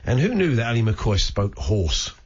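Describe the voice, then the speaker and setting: A man's voice: fairly low pitch, very animated, normal speed, breathy edge. A man co-hosting a sports radio show, trading dry joking asides in casual banter. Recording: dull lo-fi radio audio.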